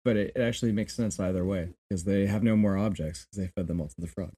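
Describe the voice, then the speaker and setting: A woman's voice: rumbling low, quick pace, warm tone, husky. A woman co-hosting a comedy podcast, sarcastic and swearing, cracking jokes over a story being read. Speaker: podcast co-host. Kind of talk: comedic banter.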